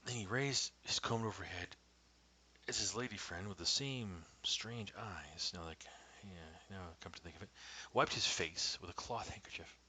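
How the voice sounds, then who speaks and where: A man narrating his own first-person story at a measured pace, often dropping to a hushed whisper. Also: deep voice, breathy edge, low-quality recording.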